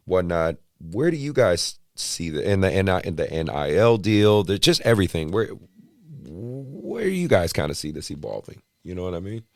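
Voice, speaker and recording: A man hosting a casual podcast chat, relaxed and halting, with many ums as he works his way into questions for his guests. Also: sits low, no room sound, clean studio sound. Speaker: podcast host.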